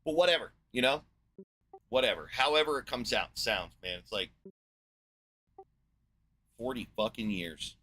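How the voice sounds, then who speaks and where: A man in his forties from the United States, giving a profane, sarcastic and exasperated rant as a video host, rambling with filler pauses. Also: medium pitch, expressive, bright, forceful tone, rough recording. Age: 40s. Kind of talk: ranting monologue.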